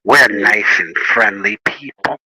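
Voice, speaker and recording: A man chatting casually as host, telling animated stories and laughing often. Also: fairly low pitch, slow, slightly rough, no echo, poor audio. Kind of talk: casual chat.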